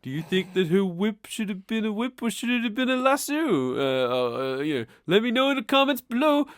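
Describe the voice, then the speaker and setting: A man putting on a high, mocking voice as a smug male YouTuber who begs for comments. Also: very animated, fairly quick, a bit bright, dry recording, clean studio sound. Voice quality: high, mocking, sing-song.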